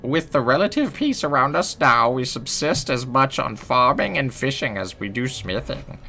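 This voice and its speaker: A man voicing a chatty old village woman from a video game who slowly recounts the history of her village. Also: medium pitch, sing-song, creaky, bright, forceful tone, a little hiss or hum, voice pushed up, heavily acted. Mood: telling history. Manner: slow, lilting storyteller.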